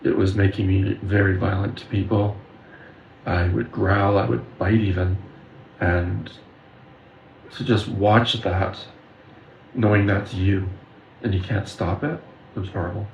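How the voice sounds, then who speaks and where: Guy with a low gravelly voice, earnest and intense, roomy echo with a bit of hiss behind. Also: level tone, highs cut off. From Windsor, Ontario and Detroit area. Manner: earnest, intense, storytelling with filler pauses. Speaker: video creator talking about his spiritual experiences. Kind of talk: personal monologue to camera. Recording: echoey room with faint background noise.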